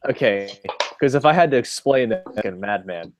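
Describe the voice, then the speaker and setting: A man's voice: lowish voice, lively intonation, brisk, slight background noise. A man co-hosting a casual podcast over an online call, goofy and rambling. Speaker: podcast co-host. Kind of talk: casual group chat.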